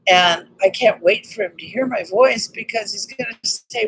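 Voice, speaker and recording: Earnest woman, slightly raspy voice. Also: mid-range voice, normal speed, few pauses, low-quality recording. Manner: earnest, excited, spiritual self-help talk. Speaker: vlogger. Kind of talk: casual personal vlog.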